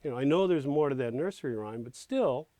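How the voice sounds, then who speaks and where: A man's voice: medium pitch, brisk. A middle-aged man leads a songwriting clinic, explaining lyric structure with energy. He keeps dropping into recited rhymes and quoted lines. The sound is dry and close, with no room echo. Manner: animated teacher, recites rhymes and quotes in small acted voices. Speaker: songwriting professor. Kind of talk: teaching lyric writing in a recorded clinic.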